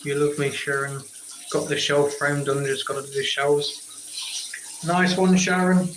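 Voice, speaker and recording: A man's voice: fairly high pitch, fairly even intonation, measured pace, a bit bright, roomy sound, slight background noise. An English man hosting a late-night live stream from home, chatting casually and answering viewer comments, with mock-exasperated outbursts. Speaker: livestream host.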